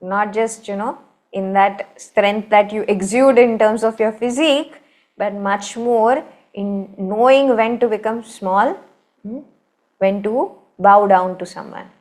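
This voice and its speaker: A woman with an Indian English accent voicing a frail old male monkey sage who pleads weakly and then calmly teaches. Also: medium pitch, takes it slowly, lightly acted. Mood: teaching.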